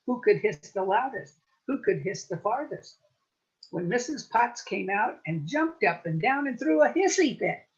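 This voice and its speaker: A woman storyteller telling a playful folk tale with lively wordplay at a story swap. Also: mid-range voice, normal speed, highs cut off.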